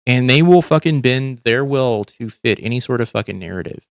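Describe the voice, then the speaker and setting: A man's voice: medium pitch, expressive, moderate pace, no echo, clean studio sound. A man hosting a livestream, chatting casually about politics in a rambling, profane way with lots of fillers and restarts. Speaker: livestream host.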